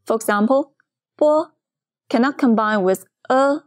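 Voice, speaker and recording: A woman teaching a beginner's pronunciation lesson in a clear, patient scripted dialogue. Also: a little high, unhurried, dry recording, faint music behind. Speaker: Chinese teacher.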